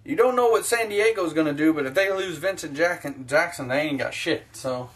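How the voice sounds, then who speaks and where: A man's voice: on the high side, expressive, normal speed. A man ranting in a profane, self-mocking sports vlog, talking to his own camera at home. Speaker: sports vlogger.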